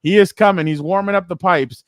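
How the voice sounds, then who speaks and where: A man's voice: high-pitched, a little fast, no room sound, studio quality. A man hosting a casual sports podcast on a video call, easygoing and reading chat comments aloud. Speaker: podcast host.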